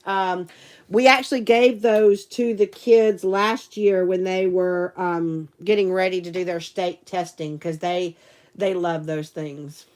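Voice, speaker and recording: A woman's voice: medium pitch, darkish tone. A woman chatting casually to a live stream audience, giggly and rambling. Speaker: livestream host and teacher.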